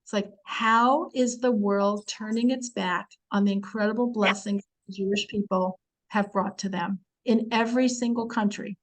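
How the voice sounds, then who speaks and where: A woman teaching the weekly Torah portion in a chatty, animated way, acting out quotes and using many fillers. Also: medium pitch, normal speed, low-quality recording.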